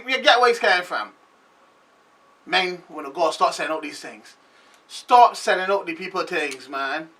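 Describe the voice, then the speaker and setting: Host type: Barbadian man, high, very bright voice, rambling talk-show monologue, recorded a bit off-mic. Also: recorded from a distance. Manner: loose, rambling, animated delivery. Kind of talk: casual commentary monologue.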